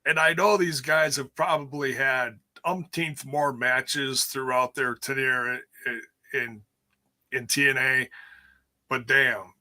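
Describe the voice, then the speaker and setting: A man's voice: mid-range voice, fairly even intonation, slow, bright, forceful tone. A man co-hosting a wrestling review podcast, talking casually with a laid-back manner and some stammering restarts. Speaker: podcast co-host.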